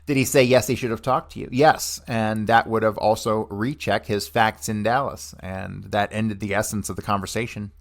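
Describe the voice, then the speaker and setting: A man reading a hearing transcript aloud on a podcast, taking both the questions and the answers in one steady voice. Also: on the low side, moderate pace, creaky, hardly any pauses. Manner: steady reading voice that plays both questioner and witness without changing voice.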